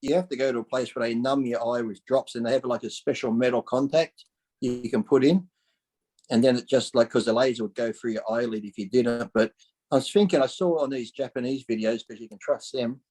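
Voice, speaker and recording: A man's voice: medium pitch, a little fast, rough recording. A man in his forties, a podcast guest telling stories in casual chat, acting out what people said, swearing freely and laughing often. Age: 40s. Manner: animated, acts out quoted voices, swears freely, laughs often. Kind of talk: casual storytelling.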